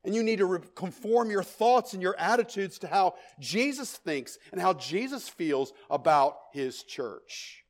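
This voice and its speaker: Middle-aged guy preaching, fairly high voice, punchy and emphatic, repeats lines and keeps asking right?. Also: lively intonation, measured pace, hardly any pauses. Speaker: pastor. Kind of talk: sermon.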